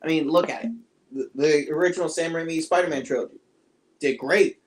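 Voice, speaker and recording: A podcast co-host chatting casually about movies, animated and acting out quotes. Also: fairly quick. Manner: animated, acts out quotes with big pitch jumps.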